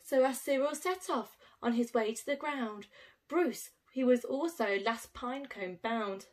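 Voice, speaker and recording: A woman teacher reads a rhyming picture book aloud to small children. She has a high voice and a slow, unhurried pace, and she delivers the verse in an expressive, sing-song way.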